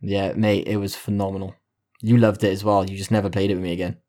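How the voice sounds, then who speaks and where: A man's voice: sits low, level tone, fast, mellow. Enthusiastic man in casual gaming chat. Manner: enthusiastic, rambling explanations. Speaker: podcast co-host.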